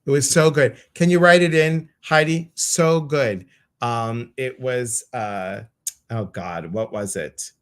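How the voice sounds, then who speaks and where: Casting: male live-stream host, gushing, rambly, lots of ums, mid-pitched. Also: slow pace, fairly bright tone. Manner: effusive, rambling, frequent fillers. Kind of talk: casual live-stream chat.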